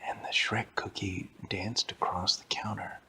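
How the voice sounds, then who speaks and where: A man telling an improvised bedtime story to a child, in a hushed, half-whispered voice. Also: deep voice, little pitch movement, a little slow.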